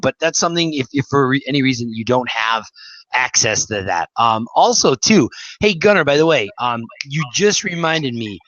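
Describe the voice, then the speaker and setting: A man's voice: medium pitch, lively intonation, normal speed, fairly bright tone, no echo, muffled recording. A man co-hosting a casual beer podcast, rambling and enthusiastic, recorded over a video call. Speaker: podcast co-host. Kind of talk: casual chat.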